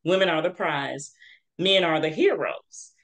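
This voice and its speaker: A woman's voice: low voice, measured pace. A woman hosting a casual faith-based interview over a video call, chatty and peppering her talk with "you know" and little sermon-like asides. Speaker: podcast host.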